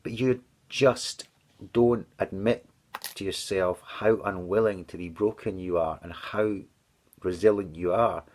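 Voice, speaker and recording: A man speaks in a low-pitched voice as he preaches, giving a personal testimony. He talks in an earnest, halting way, breaking off and restarting his sentences. At times he is close to tears. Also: steady tone, a little mellow.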